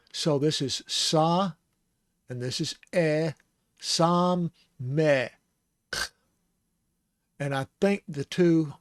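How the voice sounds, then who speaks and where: A man teaching the Hebrew alphabet in a casual, rambling way, sounding out syllables slowly and chuckling now and then. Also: on the high side, no echo, clean studio sound. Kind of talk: casual lesson.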